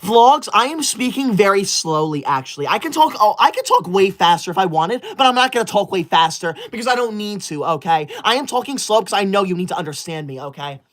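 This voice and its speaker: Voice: mid-range voice, expressive, fairly quick, hardly any pauses, natural voice. A performer playing a prim young livestream host who scolds viewers and insists on rules about school. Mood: huffy. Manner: indignant, scolding, self-important. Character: prim bossy young streamer obsessed with school. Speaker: livestream host reading super chats. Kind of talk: comedic character livestream.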